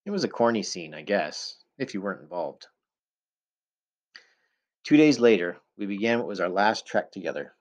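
Low-voiced man reading a first-person story. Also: animated, normal speed, pauses often. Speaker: audiobook narrator.

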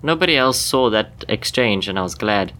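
A man calmly telling a first-person short story in scripted narration for a podcast. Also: fairly low pitch, normal speed.

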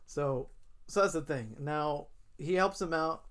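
Guy chatting about a tv episode, kinda high voice, does little bits of the characters' lines. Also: a bit bright. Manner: rambling, acts out characters' lines in quick asides. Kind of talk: casual chat recapping a TV episode.

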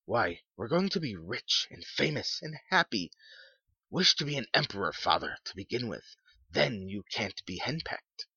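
A man's voice: mid-range voice, sing-song, pushed and bright, slightly rough, no echo, pitched above the performer's own voice, full character voice. A man reading a storybook, voicing a cheeky young man who mocks and jokes. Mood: teasing. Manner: brisk and mocking. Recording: dull lo-fi sound.

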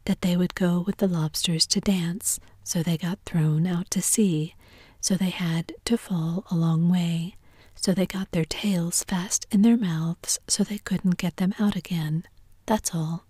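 A woman voicing an impatient, bossy male griffin in a brisk whispered role-play. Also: fairly low pitch, fairly even intonation, dark tone, slightly rough, dry recording.

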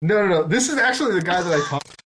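Animated and quick, a podcast host with a fairly high, slightly bright voice rambles through long, self-mocking stories in casual conversation, quoting plenty of back-and-forth. A little hiss or hum sits under the recording.

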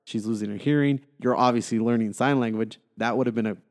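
A man's voice: mid-range voice, quick pace. A man hosting a casual movie podcast, retelling scenes with lots of fillers and acted-out quotes. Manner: animated storyteller, acts out quotes, frequent fillers. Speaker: podcast host. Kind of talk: casual movie review chat.

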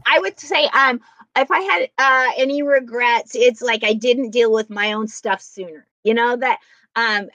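A woman's voice: on the high side, no room sound. A middle-aged woman, a guest telling personal stories and acting out the dialogue in them. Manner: animated, acts out dialogue in her stories. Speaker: guest speaker. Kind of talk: personal storytelling interview. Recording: dull, dry sound.

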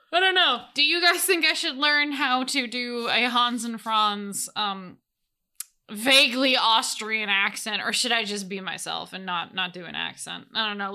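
A woman's voice: a little high, bright, forceful tone. A woman game master chatting through a casual solo recap, rambling with many restarts and frequent laughs.

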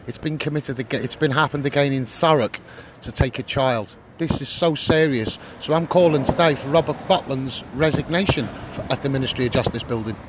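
A man's voice: mid-range voice, a little fast, background noise. A man with a Scouse accent, a campaigner speaking earnestly and indignantly in an on-the-spot street interview. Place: outdoors on a city street.

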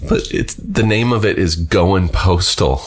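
Low-voiced joking man hosting a podcast. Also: unhurried. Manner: crude, joking. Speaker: podcast host. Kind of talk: casual chat.

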